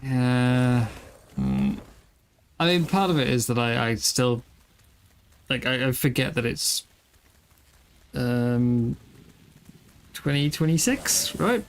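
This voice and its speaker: A tired man in his thirties rambles through a live game stream, tossing self-deprecating asides to his chat. His voice sits at an ordinary middle pitch for a man, relaxed and unpolished. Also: slow, pauses often, a little hiss or hum. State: tired, yawning. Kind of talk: casual live-stream chat while gaming.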